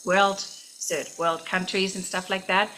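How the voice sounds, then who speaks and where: A woman's voice: lowish voice, little pitch movement, slow pace, pushed and bright, a little hiss or hum, poor audio. A woman in her thirties from Germany, speaking, telling a personal story in a chatty way full of fillers and restarts. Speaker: vlogger.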